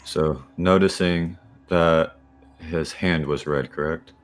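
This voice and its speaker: A man playing in a tabletop game, describing his character's actions in a plain, measured way. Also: rumbling low, steady tone. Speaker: player.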